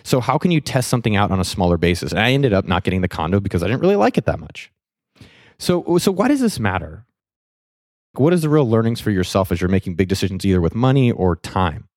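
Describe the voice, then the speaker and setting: A young adult man with a fairly low voice tells a personal story in a casual, self-mocking way, cursing freely and getting animated as it builds. The sound is dry and close, with no room around it. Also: fast talker, no room sound. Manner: candid, self-mocking, swears freely, animated on key moments. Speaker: vlogger telling a personal money lesson.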